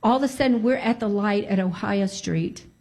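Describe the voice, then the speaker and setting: Woman, casual storyteller, emphatic, repeats lines for effect, mid pitch. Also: moderate pace, darkish tone.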